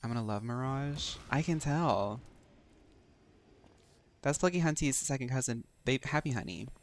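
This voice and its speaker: A man's voice: medium pitch, animated, moderate pace. A young man streaming a video game, reacting with sassy, campy banter and playful teasing. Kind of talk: live game stream commentary.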